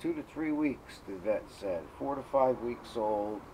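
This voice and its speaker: A man's voice: medium pitch, expressive, unhurried, background noise. A man filming his cats at home, chatting casually and cooing doting baby talk at his pets between rambling asides. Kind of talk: casual home video chat.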